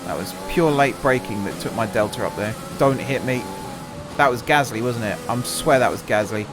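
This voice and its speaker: A man's voice: mid-range voice, moderate pace. A man hosting a gaming channel, chatting and joking to himself while commentating a racing game. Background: game music and engines.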